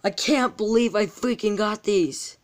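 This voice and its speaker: A woman's voice: medium pitch, unhurried. A young woman vlogging as she opens trading card packs, gasping and exclaiming over her pulls. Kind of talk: excited unboxing vlog.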